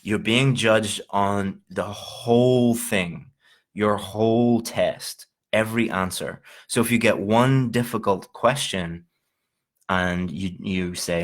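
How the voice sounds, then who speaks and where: A man's voice: fairly low pitch, fairly even intonation, unhurried. A man in his thirties giving a recorded lecture as an exam-prep teacher, informal and encouraging, with casual asides and small laughs. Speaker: IELTS teacher.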